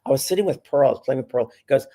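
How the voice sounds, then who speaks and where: A man's voice: mid-range voice, racing, mellow. A man hosting a casual chat, telling anecdotes and acting out the voices in them. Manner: chatty storyteller, acts out quoted voices, laughs often. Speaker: spiritual medium and show host.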